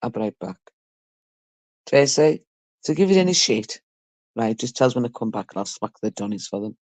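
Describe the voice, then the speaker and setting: A woman's voice: extremely low pitch, animated, a little fast, a little mellow, no echo. A woman talking casually and bluntly to her live-stream viewers, swearing freely.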